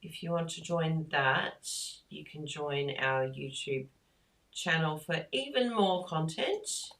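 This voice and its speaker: A woman hosting a casual crafting live stream, chatty and easily excited. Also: low-pitched, slow. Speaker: crafting livestream host.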